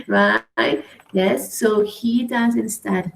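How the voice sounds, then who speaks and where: A woman's voice: mid-range voice, fairly even intonation, slow, creaky, roomy sound, poor audio. A woman teaching an English grammar lesson in a patient manner with a Colombian Spanish accent, praising students by name and checking in often.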